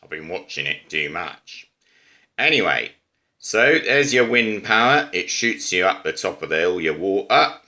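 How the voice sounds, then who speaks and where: An amateur presenter with an Australian accent casually explains an eco-friendly invention, his low voice sounding pushed and bright. He's unhurried and musing, rambling with fillers and asides.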